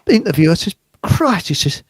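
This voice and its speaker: A man's voice: a little high, lively intonation, moderate pace, gravelly, no room sound. A man hosting a casual chat show, rambling through jokes and laughing at his own stories. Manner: chuckling, rambling joke-teller. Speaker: show host.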